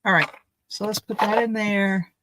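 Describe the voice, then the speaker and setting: In a craft video, a woman unwraps presents at home and talks casually as she goes, musing out loud and wandering from thought to thought. Her voice is medium-pitched with fairly even intonation at a moderate pace, and there's background noise.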